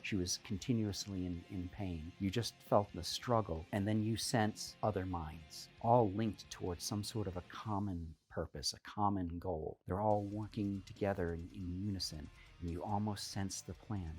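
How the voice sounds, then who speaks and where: Brief: male game master, low voice, rambling narration, soft music behind. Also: steady tone, normal speed, few pauses. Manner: rambling, restarts often.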